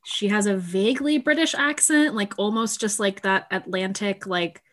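A relaxed woman co-hosting a podcast, chatting casually. She jokes easily and drops in quoted asides. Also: mid-range voice, moderate pace. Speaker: podcast co-host. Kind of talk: casual chat.

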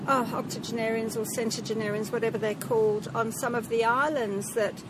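A woman from Zimbabwe chatting casually and telling stories in an animated way. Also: a little high, brisk, heavy background noise. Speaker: group discussion participant. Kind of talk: casual chat.

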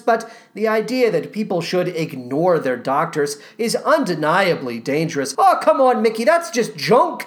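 A woman hosting a podcast, giving casual, sarcastic commentary on cast recordings. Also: medium pitch. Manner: sarcastic, exasperated asides. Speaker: podcast host.

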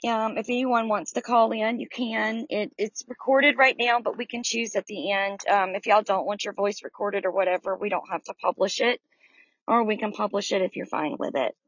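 A woman's voice: medium pitch, fairly even intonation, normal speed, breathy edge, no echo. A woman hosting a Bible study in a chatty, welcoming way, greeting listeners by name. She is recording outdoors in the sun. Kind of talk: casual chat. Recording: dry, slightly dull lo-fi audio.

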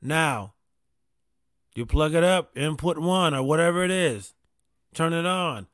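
A man telling casual comedic stories about gaming with his kid, profane and animated, with quick asides. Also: on the high side, no room sound, clean studio sound.

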